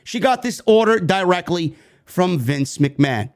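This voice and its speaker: High-voiced man giving sarcastic wrestling commentary. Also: sing-song, measured pace. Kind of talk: commentary reading interview quotes.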